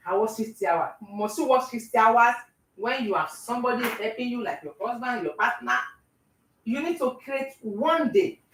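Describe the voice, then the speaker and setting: A woman's voice: fairly high pitch, a bit bright. An older Nigerian woman with a Nigerian accent, host of a live cooking show, lecturing and joking as she chats and laughs often. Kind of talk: casual chat while cooking live. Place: home kitchen. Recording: roomy, distant from the mic.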